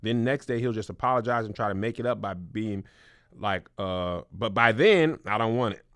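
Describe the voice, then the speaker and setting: A man hosting a comedic advice show, reading viewer letters aloud and then riffing on them with loud mock outrage. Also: lowish voice, moderate pace, dry recording, studio quality. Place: small studio.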